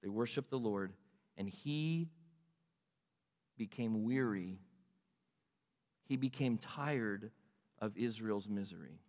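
A man preaching a sermon in an animated way, acting out God's words and asking his listeners questions. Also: lowish voice, slow, pauses often, big-room sound. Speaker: pastor.

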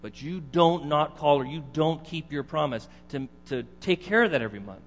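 A man's voice: a little high, expressive, normal speed. A man preaching voices his stern old grandfather, who speaks firmly and plainly about keeping promises. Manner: firm, plain-spoken. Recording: dull echoey hall with hum.

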